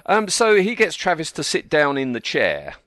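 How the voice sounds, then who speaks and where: A man's voice: fairly high pitch, wildly swooping pitch, normal speed, noisy background. A man hosting a podcast, eagerly recapping an episode with lots of ums and restarts. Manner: enthusiastic, recaps the plot, hesitant fillers. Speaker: podcast host. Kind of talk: casual fan discussion.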